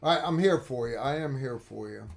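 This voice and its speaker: A man with a mid-range, expressive voice co-hosts a casual livestream, reading out viewer donations and chatting loosely. He speaks slowly and gravelly, swearing casually.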